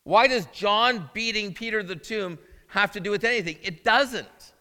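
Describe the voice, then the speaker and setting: A man's voice: high voice, moderate pace, sharp tone. A male pastor preaching a sermon in a conversational way, asking the listeners questions as he goes. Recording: long reverb of a large hall.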